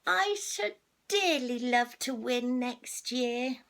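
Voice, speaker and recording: A woman voicing a kindly older witch in a storybook, a school caretaker near retirement, speaking slowly and wistfully. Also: on the high side, animated, creaky, a bit bright, exaggerated voice.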